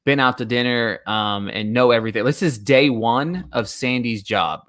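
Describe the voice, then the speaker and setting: A man co-hosting a podcast, walking through a TV episode in relaxed casual chat, with frequent laughs and "um" and "you know.". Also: mid-range voice, moderate pace. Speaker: podcast co-host. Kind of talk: casual chat recapping a TV show.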